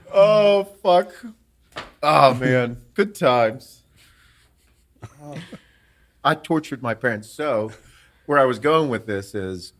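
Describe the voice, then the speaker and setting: A man's voice: medium pitch, slow pace, long pauses, a bit bright. A middle-aged man from western Pennsylvania, a podcast host telling a story in casual chat, swearing freely and laughing as he talks. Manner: profane, laughs through his stories.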